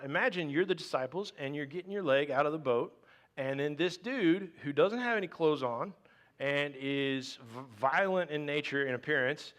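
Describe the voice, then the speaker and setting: A man with a bright, somewhat high voice preaching a sermon. He reads scripture aloud, then breaks into animated, joking asides as a pastor speaking to his congregation. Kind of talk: conversational sermon.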